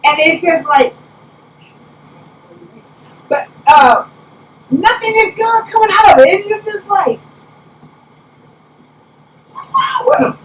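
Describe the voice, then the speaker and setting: A woman apostle preaching a conversational sermon, telling stories with lively preacherly exclamations. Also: extremely high pitch, takes it slowly, long pauses. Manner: animated storytelling, preacherly exclamations. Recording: roomy, distant, faint background hiss.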